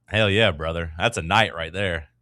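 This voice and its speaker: A man hosting a sports talk radio show, joking and bantering loudly with his co-hosts. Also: deep voice, no room sound, studio quality. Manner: loud, jokey, quick to laugh.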